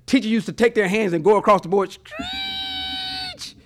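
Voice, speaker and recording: A man preaching a sermon to his congregation, folksy and animated, acting out little voices in his examples. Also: sits high, fast, a little hiss or hum. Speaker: pastor.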